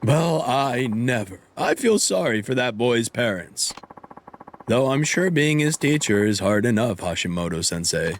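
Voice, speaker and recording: A man's voice: medium pitch, lively intonation, unhurried, a little hiss or hum, lightly acted. Man doing a pompous old city official. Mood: stately.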